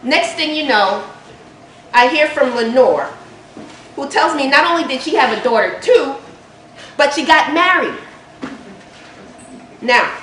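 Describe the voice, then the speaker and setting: A woman's voice: high voice, moderate pace, a bit bright, recorded from a distance. A woman instructor giving a playful, teasing introduction of a guest speaker to her class. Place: college lecture room. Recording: echoey room with faint noise.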